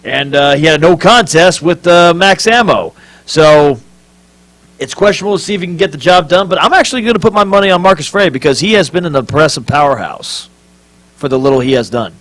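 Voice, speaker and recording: A man on a wrestling panel giving earnest picks, halting with many fillers. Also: fairly high pitch, expressive, fairly bright tone, rough recording. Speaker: wrestling pundit. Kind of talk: panel commentary.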